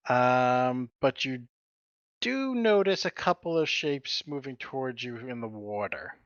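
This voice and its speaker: A man narrating as game master in a streamed tabletop game. He talks in a mid-pitched voice, halting, with frequent fillers and self-corrections. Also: expressive, fairly bright tone, dry recording, highs cut off. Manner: halting, with many fillers and restarts.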